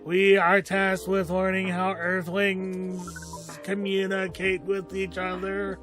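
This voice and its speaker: A man voicing a stiffly formal male alien trainee, speaking slowly and carefully in overly formal words. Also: sits high, completely flat delivery, music in the background. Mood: earnest.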